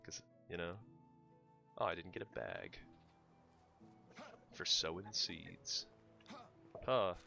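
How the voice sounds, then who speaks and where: A man's voice: sits low, takes it slowly, gravelly, long pauses, sharp tone, dull audio, soft background music. An American man livestreaming a game, chatting casually and teasing his co-host in joking banter. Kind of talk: casual chat while gaming.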